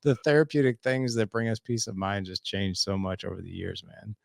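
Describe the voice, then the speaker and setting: A man hosting a podcast, chatting in a relaxed, rambling way and often saying "man". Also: lowish voice, brisk, vocal fry, dry recording, clean studio sound. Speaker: podcast host. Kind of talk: casual interview chat.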